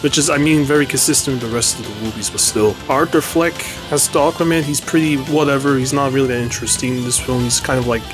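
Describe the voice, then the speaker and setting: A man rants his way through a film review in a casual, blunt voice. He swears freely and leans sarcastic, at an ordinary middle pitch. Soft music plays faintly behind him. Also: quick pace, few pauses. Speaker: movie reviewer.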